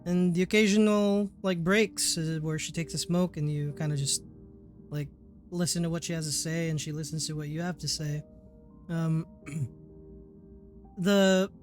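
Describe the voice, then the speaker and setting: Higher-voiced male game master narrating. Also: fairly even intonation, faint music behind. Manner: slow, moody second-person narration.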